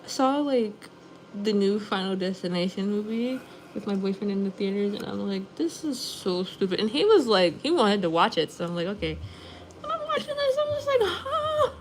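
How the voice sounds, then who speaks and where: A chatty woman nail artist talks casually through a livestream, animated and quick to fill her sentences with "like". Her voice sits at an ordinary middle pitch, and a faint noise runs under it. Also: rough recording. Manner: chatty, animated, says "like" often. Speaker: nail artist streaming live. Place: nail studio.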